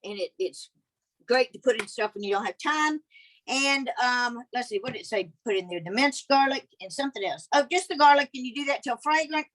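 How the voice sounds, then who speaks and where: A woman's voice: fairly high pitch, animated, fairly quick, fairly bright tone, poor audio. Woman thinking aloud while cooking. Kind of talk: casual cooking talk on a video call.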